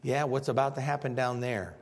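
Speaking in a mid-range voice at a brisk clip, a male pastor delivers a sermon on scripture that echoes like a large hall. He performs the people he quotes, swinging his voice widely.

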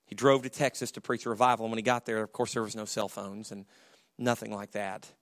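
A middle-aged man preaching a sermon, swinging from shouted, high bursts of emphasis down to hushed, quiet storytelling, often repeating and restarting his phrases. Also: flat delivery, quick pace, dry recording, clean studio sound.

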